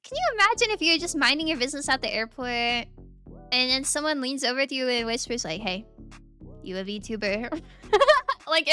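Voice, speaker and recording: A young woman streamer telling a rambling, animated travel story with frequent giggles and restarts. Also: high voice. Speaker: VTuber streamer. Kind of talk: casual storytelling recap.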